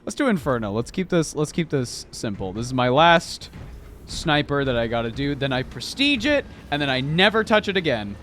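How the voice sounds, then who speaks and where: A man casually commenting while streaming a game, rambling and animated, swearing often. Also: medium pitch, moderate pace, slight background noise.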